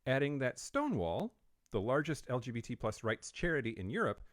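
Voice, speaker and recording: A man's voice: medium pitch, very animated, a little fast, no echo. A man co-hosting a podcast, reading out news items with wry asides and frequent fillers in a casual studio chat. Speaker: podcast co-host.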